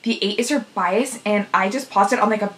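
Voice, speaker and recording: A woman's voice: mid-range voice, brisk, a bit bright, poor audio. A young woman hosting a fan reaction video, gushing and squealing as she reacts, with faint music behind her. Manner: gushing, squealing, breathless fangirling. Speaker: YouTube reaction host. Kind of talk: excited fan reaction vlog.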